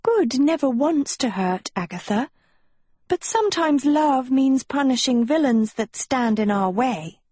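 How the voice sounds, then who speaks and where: A woman's voice: high voice, lively intonation, unhurried, darkish tone, slightly rough, no room sound, pitched above the performer's own voice, full character voice. A woman voicing a teenage girl turned villain in an audiobook, silky, taunting and coldly sweet. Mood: menacing. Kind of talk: audiobook character reading.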